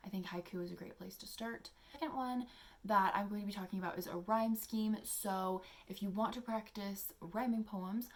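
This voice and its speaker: A young adult woman hosting a casual teaching vlog, soft-spoken and chatty, with many fillers as she explains poetry exercises. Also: mid-range voice. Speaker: poetry channel host.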